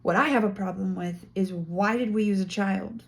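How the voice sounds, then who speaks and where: A woman's voice: medium pitch, moderate pace. Impassioned woman ranting to camera. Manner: impassioned, indignant, emphatic. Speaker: vlogger. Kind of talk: casual opinion monologue.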